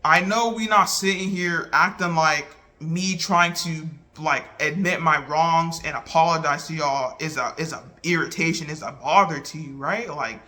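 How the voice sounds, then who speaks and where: A man talking casually to the camera, recounting a falling-out in an earnest, halting way with many restarts. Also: on the high side, bright, forceful tone. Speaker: vlogger.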